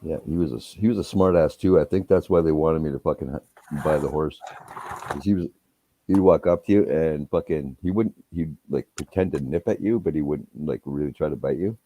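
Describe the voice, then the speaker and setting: A man's voice: a bass voice, fairly quick, mellow. A man telling rambling, profane anecdotes in casual chat. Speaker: storyteller.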